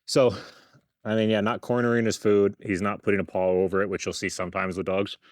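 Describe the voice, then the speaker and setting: A man's voice: lowish voice, brisk, dry recording, studio quality. A man from a dog rescue, casually explaining a dog's behavior while handling him outdoors. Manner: relaxed, explanatory, coos at the dog.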